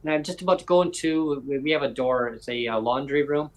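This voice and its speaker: Animated man telling a story. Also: a little high, fairly quick, poor audio. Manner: animated, acts out other people's lines in quoted voices. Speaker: podcast host. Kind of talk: casual storytelling chat.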